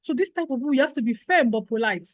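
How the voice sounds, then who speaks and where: A woman's voice: high-pitched, lively intonation, fast talker, dry recording, low-quality recording. A woman giving a customer service training lecture, acting out exchanges between staff and customers. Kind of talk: workshop lecture.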